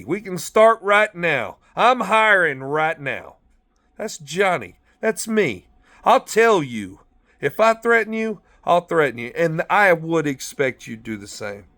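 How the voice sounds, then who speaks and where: A man who is a former corrections officer, telling blunt, profane stories in a rambling monologue from inside a car. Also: on the high side. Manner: profane, blunt, animated storytelling.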